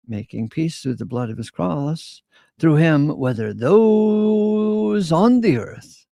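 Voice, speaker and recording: Slow gravelly male Bible teacher. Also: medium pitch, warm tone, no echo. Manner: reads scripture slowly, then comments in casual asides. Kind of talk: informal Bible study teaching.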